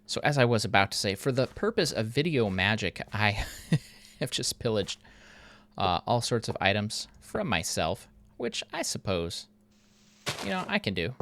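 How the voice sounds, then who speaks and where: Chatty man with a lively voice. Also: lowish voice, moderate pace, creaky, slight background noise. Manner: chatty, self-mocking, thinks aloud. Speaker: game video host. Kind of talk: casual gameplay commentary.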